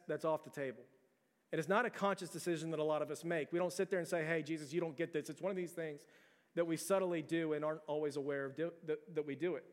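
A man in his thirties preaching a sermon, conversational and repeating words, building to emphatic peaks. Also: on the high side. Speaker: pastor. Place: church sanctuary. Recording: long church hall reverb.

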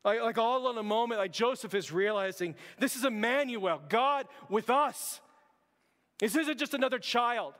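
A man's voice: extremely high pitch, normal speed, fairly bright tone, long reverb tail. A man preaching a sermon as pastor, conversational and full of restarts, retelling a story to his church. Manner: conversational preaching, many "like"s and restarts, acts out quotes.

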